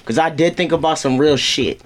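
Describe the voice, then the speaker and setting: A young man co-hosting a casual podcast among friends, halting and restarting his sentences. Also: fairly high pitch, a crowd in the background. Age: young adult. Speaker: podcast co-host. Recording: friends chattering over each other.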